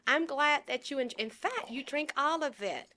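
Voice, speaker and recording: A woman hosting a podcast, lighthearted and quick to laugh as she explains things to her guest. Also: high voice, animated, sharp tone. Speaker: podcast host. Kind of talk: casual interview chat.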